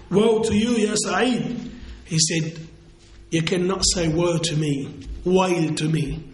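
A male Islamic lecturer telling a story in a lecture, halting and restarting phrases, slowing down for emphatic quotes. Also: fairly high pitch. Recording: echoey room with faint noise.

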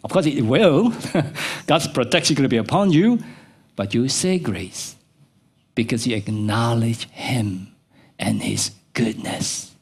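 A middle-aged man preaching a sermon as pastor, swinging between soft low asides and high emphatic peaks. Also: measured pace, slightly rough. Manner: animated preaching, pitch jumping from low to high. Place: church.

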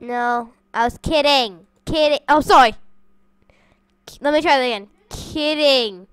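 A woman chatting playfully through a game with her siblings, excitable and prone to yelps and shouts. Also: sits high, moderate pace, clean tone, no echo. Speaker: gamer playing with her siblings. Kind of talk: casual gameplay chat. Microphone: desk microphone.

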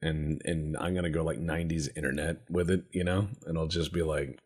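A man's voice: a bass voice, little pitch movement, a little fast, darkish tone, breathy edge. A man giving joking, profane, rambling commentary while playing a strategy game. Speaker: gameplay commentator. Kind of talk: let's-play commentary.

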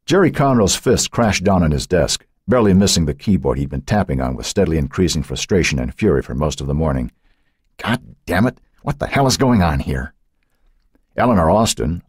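A man narrating an audiobook in a measured storytelling manner. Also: very deep voice, slightly rough, no room sound, clean studio sound. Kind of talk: scripted narration.

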